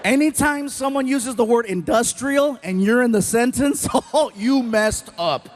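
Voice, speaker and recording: Animated high-voiced comedian on stage. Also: male voice, unhurried. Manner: animated and self-mocking, with acted-out voices. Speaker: stand-up comedian. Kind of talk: stand-up storytelling.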